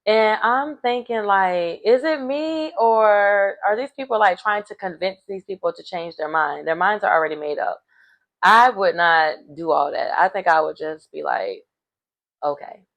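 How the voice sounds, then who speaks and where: Woman, casual recap commentator, chatty and animated, lots of fillers, gravelly fry, lowish voice. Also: normal speed, highs cut off. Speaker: reality show recap commentator.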